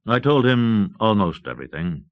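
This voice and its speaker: Man, audiobook narration, very low voice, steady and measured, dull cassette tape sound.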